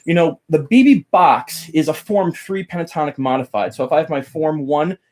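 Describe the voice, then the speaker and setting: A man's voice: fairly high pitch, normal speed, a little mellow. Rambling chatty male guitar teacher. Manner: rambling, chatty, loses his train of thought; greets chat viewers by name while teaching. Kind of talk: casual live-stream lesson.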